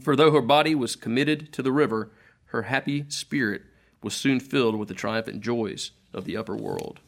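A man reading a historical account aloud to a church congregation, measured and solemn. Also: medium pitch, creaky.

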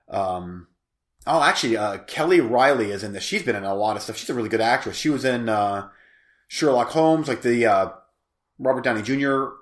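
With a medium-pitched voice and a roomy sound, a male podcast co-host talks casually while reviewing a movie. He rambles, interrupts himself, and is quick to laugh, frequently stopping mid-sentence.

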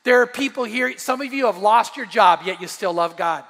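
A middle-aged pastor preaches with a high, bright voice, earnest and swelling into fervent emphasis. His words ring through a church hall with a long echo. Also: lively intonation, moderate pace. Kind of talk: sermon. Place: church sanctuary.

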